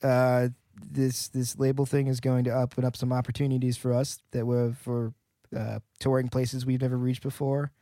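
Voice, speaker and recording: A man's voice: mid-range voice, level tone, normal speed, hardly any pauses, mellow, no echo, studio quality. A man co-hosting a podcast, joking around sarcastically and swearing in casual chat. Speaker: podcast co-host, band member.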